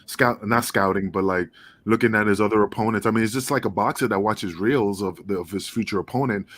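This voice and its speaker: A man with a fairly low voice chats loosely on a wrestling podcast, rambling and dropping casual swears. He is from the United States and talks easygoing and unscripted. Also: fairly quick, a bit bright. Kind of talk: casual chat.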